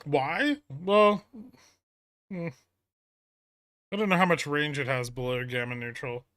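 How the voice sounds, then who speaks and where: A man's voice: on the high side, takes it slowly, a bit bright, dry recording. A man hosting a casual trading livestream, reading chat questions and answering with dry, sarcastic humor. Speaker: livestream host.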